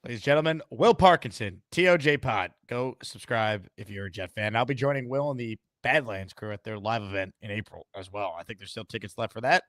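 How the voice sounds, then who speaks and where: Male sports talk host, relaxed and wry, middle pitch, dry close mic. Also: dry recording. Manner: laid-back, wry, reads out viewer messages. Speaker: show host. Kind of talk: casual sports talk show.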